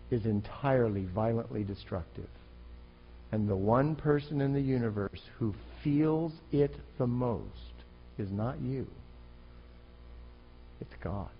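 A man's voice: medium pitch, lo-fi sound, a little hiss or hum. A man preaching an impassioned, emphatic sermon as a pastor.

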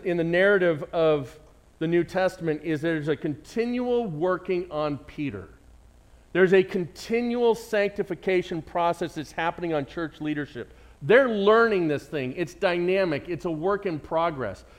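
A man with a drawl preaches a sermon from the pulpit. He keeps putting questions to the congregation and answering them himself. His voice sits somewhat high for a man. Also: expressive, moderate pace. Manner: call-and-response questions to the congregation. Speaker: pastor.

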